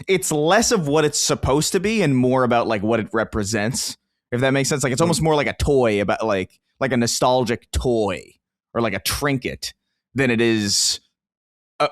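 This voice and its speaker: A man co-hosting a podcast thinks out loud in a relaxed, unhurried way. His voice sits at a middle pitch, recorded dry and close. He drops the odd swear word in casual chat. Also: no room sound. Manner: laid-back, musing, swearing. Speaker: podcast co-host.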